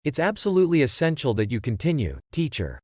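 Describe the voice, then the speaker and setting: A calm male experimenter who stays patient and matter-of-fact, as a man reading aloud voices him. The voice moves lively up and down. The recording is dry and close. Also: a little high, quick pace, slightly rough, dry recording, exaggerated voice. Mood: level, insistent.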